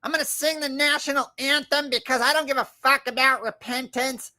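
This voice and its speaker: A man's voice: very high voice, flat delivery, a little fast, sharp tone, voice pushed up, exaggerated voice. A man doing a comic impression of a brash, foul-mouthed middle-aged woman who rants and swears defiantly. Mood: mocking.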